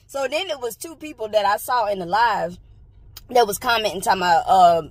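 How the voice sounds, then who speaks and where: A woman vlogger telling a casual story into a handheld phone, animated and exclaiming, laughing often. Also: a little high, brisk, dry recording. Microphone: phone held in hand.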